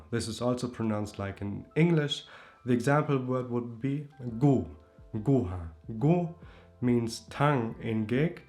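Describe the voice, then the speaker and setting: Brief: male teacher, mid-pitched, patient and explanatory, faint music underneath. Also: darkish tone. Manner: patient, repeats example words slowly. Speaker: language teacher. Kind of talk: explanatory language lesson. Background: faint background music.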